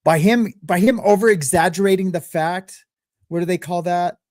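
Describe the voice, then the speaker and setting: A man's voice: high-pitched, moderate pace, a little mellow, no echo, clean studio sound. A man commenting bluntly and mockingly over news clips in casual talk. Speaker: streamer reacting to a news clip.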